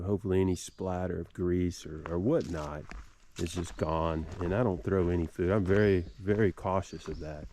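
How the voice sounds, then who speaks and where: A middle-aged man speaks outdoors at a campsite into a camera-mounted mic. His voice is fairly low and mellow. He tells his story casually and rambles, with frequent fillers and restarts. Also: no echo. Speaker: outdoor vlogger.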